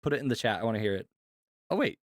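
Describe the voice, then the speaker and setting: A man's voice: mid-range voice, very animated, racing, no room sound, studio quality. A man who works as a voice actor, rambling easygoing to his chat during a live stream.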